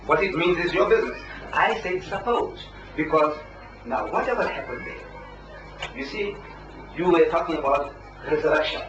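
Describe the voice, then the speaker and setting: An emphatic man argues his point in a heated debate, his voice pitched a little high. He sounds far from the mic in a reverberant room. The old recording is dull and carries steady background noise. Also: moderate pace, long pauses. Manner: emphatic and argumentative. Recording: echoey, distant, dull and noisy old recording.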